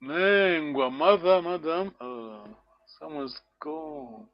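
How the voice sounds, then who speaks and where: A man teaching a language lesson over a video call, patiently repeating words slowly and chuckling often. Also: a little high, animated, no echo, lo-fi sound. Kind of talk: live online language lesson.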